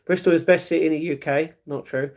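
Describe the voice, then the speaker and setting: A young man with a London accent, chatting quickly and rambling as he reads and answers his live chat. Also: fairly high pitch, steady tone, darkish tone. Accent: London English. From England. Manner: fast, chatty, rambling with fillers. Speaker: live streamer.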